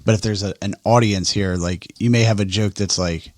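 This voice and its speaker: A man's voice: fairly low pitch, steady tone, normal speed, no echo, studio quality. A man guesting on a casual podcast, easygoing and chiming in. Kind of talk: casual chat.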